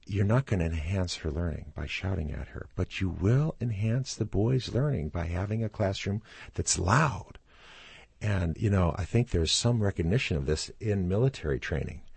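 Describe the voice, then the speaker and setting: A middle-aged man, a family doctor and author, explaining things as a guest on a radio interview and acting out quotes in a louder voice. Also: deep voice, animated, normal speed, vocal fry, slightly rough, dry recording. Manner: explanatory, acts out quotes with raised voice.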